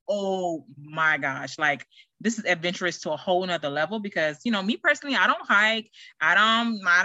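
A woman's voice: medium pitch, pushed and bright, no echo, dull audio. A middle-aged woman hosting her own podcast, talking in a chatty, rambling way with lots of fillers and restarts. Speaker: podcast host. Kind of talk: casual solo podcast chat.

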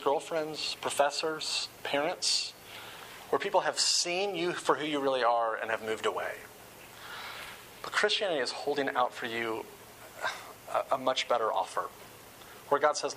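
A man preaches to a live audience in a room, his voice bright and forceful, at an ordinary middle pitch. He talks earnestly but conversationally and drops in casual asides. A faint noise sits behind him. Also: poor audio. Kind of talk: sermon.

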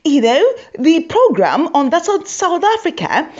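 Woman doing a pompous fussy man, prim lecturing, pitched up high, voice oddly changed, dull lo-fi sound. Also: very animated, measured pace, a little mellow, full character voice. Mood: prim scolding. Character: fussy pompous man scolding about proper English. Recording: dull lo-fi recording.

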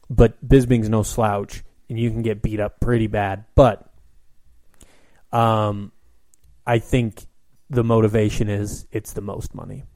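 A man co-hosting a casual sports talk show, retelling events in an animated, rambling way full of restarts and laughs. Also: on the low side, no room sound. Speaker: podcast co-host.

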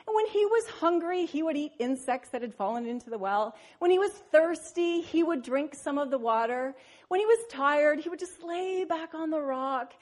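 A woman pastor preaching a sermon, praying earnestly and telling a story expressively. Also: sits high.

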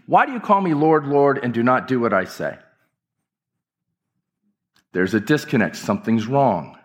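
A man's voice: medium pitch, lively intonation, moderate pace, pauses often. A male pastor delivering an impassioned, emphatic church sermon with repeated phrases. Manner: impassioned, emphatic preaching with repetitions.

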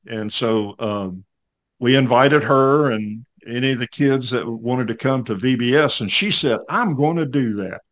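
A man's voice: mid-range voice, unhurried, a bit bright. Folksy older man telling a story. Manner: folksy, rambling, with many fillers. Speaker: podcast host. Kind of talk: casual storytelling interview.

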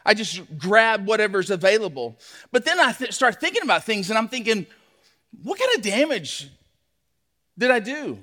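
Male pastor, high voice, animated storyteller; sermon in a reverberant hall. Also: moderate pace. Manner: animated storytelling, acts out his own shouts.

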